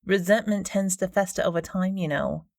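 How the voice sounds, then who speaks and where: A woman's voice: medium pitch, fairly even intonation, moderate pace, darkish tone, dry recording, clean studio sound, close to an everyday voice. A woman putting on a smarmy know-it-all investigator. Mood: smug. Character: smug pushy female paranormal investigator.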